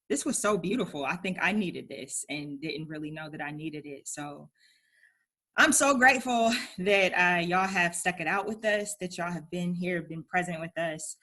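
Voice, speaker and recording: A woman's voice: lowish voice, moderate pace, sharp tone. A woman hosting an online poetry segment and performing her own spoken-word piece with emphatic, rhythmic delivery. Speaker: poet and event host.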